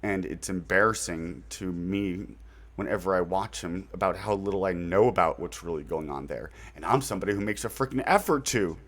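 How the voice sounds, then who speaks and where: A man's voice: sits low, a little fast, fairly bright tone. A man hosting his own channel, talking through recommendations in a loose, rambling way with fillers and mild slang. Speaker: channel host introducing his website. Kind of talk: casual unscripted monologue.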